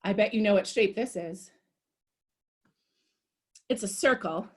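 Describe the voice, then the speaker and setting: A woman's voice: medium pitch, measured pace, slightly rough. A young woman leading a storytime for toddlers, talking in a sing-song, encouraging way as she does rhymes and shapes with little ones. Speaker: children's librarian.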